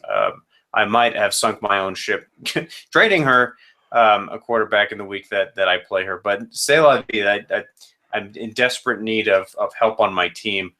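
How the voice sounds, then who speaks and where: A man's voice: lowish voice, expressive, moderate pace, sharp tone. A man who runs a fantasy football league, casually rambling through matchup predictions with self-corrections and joking asides.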